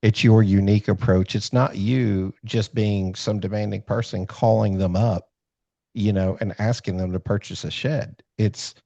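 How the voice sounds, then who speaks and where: A man with a lowish, creaky, warm voice hosts a podcast over a video call, speaking at a moderate pace with fairly even intonation. He tells a rambling, self-deprecating story full of fillers and restarts in a casual chat. The recording is dry, with dull lo-fi call audio.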